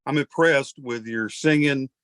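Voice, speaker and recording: A man's voice: mid-range voice, measured pace, a bit bright, no echo. A man hosting an interview, chatting in a rambling, folksy, self-deprecating way. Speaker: host. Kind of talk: casual interview chat.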